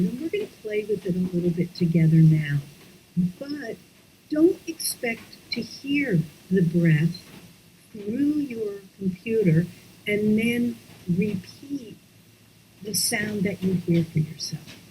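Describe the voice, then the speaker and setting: A woman leading a guided breathwork lesson over a video call, speaking softly and often dropping into whispers. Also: medium pitch, slight background noise, poor audio. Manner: slow, soft-spoken, often drops into whispers. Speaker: somatics teacher.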